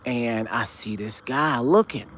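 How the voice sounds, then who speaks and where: A man's voice: mid-range voice, slow pace, fairly bright tone, a little hiss or hum. A man hosting his own show, telling a story in a rambling, conversational way with lots of fillers and restarts. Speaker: show host recounting an encounter. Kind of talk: casual storytelling monologue.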